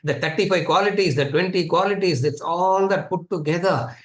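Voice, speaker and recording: A man's voice: high voice, fairly quick, roomy sound. A man with a Tamil accent giving a conversational scripture lecture, repeating phrases and asking rhetorical questions. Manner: repetitive, rhetorical, conversational teaching. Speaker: Vedanta teacher.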